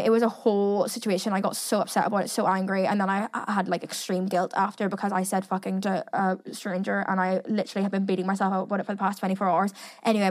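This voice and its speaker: A young woman in her twenties hosting a podcast, telling a story in a chatty, animated way, swearing freely and acting out what people said. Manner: chatty, animated, swears often, acts out quotes in a higher voice. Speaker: podcast host. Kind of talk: casual storytelling monologue.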